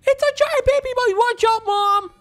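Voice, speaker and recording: A woman voicing Baby Sonic, a boastful, excitable baby hedgehog, during playful game role-play. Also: very high voice, fairly quick, soft background music, pitched above the performer's own voice. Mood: excited. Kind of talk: Roblox gameplay role-play.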